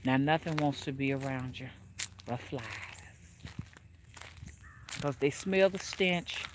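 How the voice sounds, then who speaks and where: A woman's voice: rumbling low, takes it slowly, background noise. An older woman talking casually and frankly to her viewers as a spiritual advisor, preachy and full of fillers and restarts. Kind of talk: casual livestream talk.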